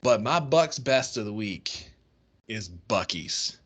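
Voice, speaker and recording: A man's voice: lowish voice, animated, takes it slowly, fairly bright tone. A young man with a Northeast Mississippi country accent, co-hosting a casual sports podcast and teasing his friend with easy laughter. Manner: laughs often, teasing banter. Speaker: podcast co-host.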